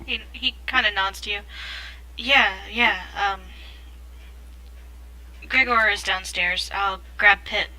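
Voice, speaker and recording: A woman with a very bright, sharp-toned voice runs a tabletop game in a casual way. She talks with easy fillers and small hesitations as she narrates. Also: mid-range voice, steady tone, slow pace, long pauses, rough recording. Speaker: game master.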